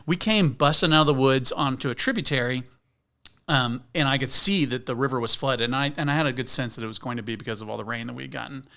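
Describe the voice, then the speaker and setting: Middle-aged man, podcast guest, bright voice, animated storytelling. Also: mid-range voice, fast, vocal fry. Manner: animated storyteller, acts out scenes. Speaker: guest, backpacking video creator. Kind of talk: casual storytelling.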